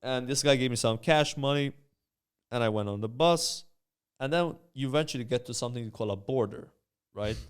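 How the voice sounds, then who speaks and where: Maltese man telling stories, smooth voice. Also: medium pitch, brisk. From Malta. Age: young adult. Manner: animated storyteller, many fillers. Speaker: guest, streamer. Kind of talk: casual storytelling chat.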